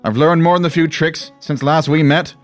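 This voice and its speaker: A man's voice: a little high, fairly even intonation, moderate pace, pitched above the performer's own voice, lightly acted. A man voicing a roguish male dwarf thief who teases with a sly drawl, over faint music. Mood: playful.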